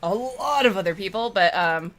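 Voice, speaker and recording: A woman's voice: mid-range voice, animated, moderate pace, fairly bright tone. A woman streamer chatting casually with her viewers while she plays a game, rambling and affectionate. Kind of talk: casual chat while gaming.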